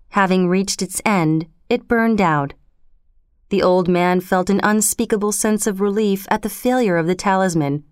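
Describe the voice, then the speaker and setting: Smooth-voiced woman narrating a story. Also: mid-range voice, dry recording, clean studio sound. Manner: measured, steady storytelling. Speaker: audiobook narrator. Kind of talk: scripted narration.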